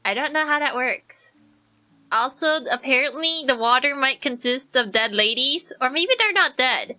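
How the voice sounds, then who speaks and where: A woman's voice: high-pitched, lively intonation, moderate pace, pushed and bright, faint music behind. A young woman streaming a game, chatting in a rambling, jokey way and answering her chat. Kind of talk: casual gameplay commentary.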